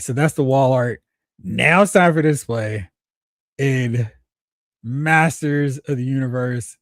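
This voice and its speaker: A man's voice: mid-range voice, darkish tone, no echo, studio quality. A man hosting a toy collecting livestream, chatting casually and enthusiastically with viewers as he goes through their photos. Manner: enthusiastic, rambling, talks to chat viewers. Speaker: toy collecting show host.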